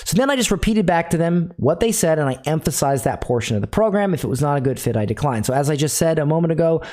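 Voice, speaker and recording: A man's voice: fairly high pitch, sing-song, quick pace, darkish tone. A middle-aged man teaching a sales technique in a direct, instructive way, repeating key phrases for emphasis. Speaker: sales coach.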